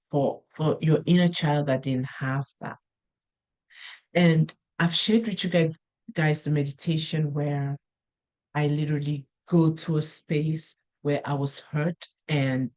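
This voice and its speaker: A woman's voice: low-pitched, darkish tone. A middle-aged woman giving a casual motivational talk, telling stories earnestly with frequent restarts. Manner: unhurried, earnest, storytelling with many restarts. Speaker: motivational speaker.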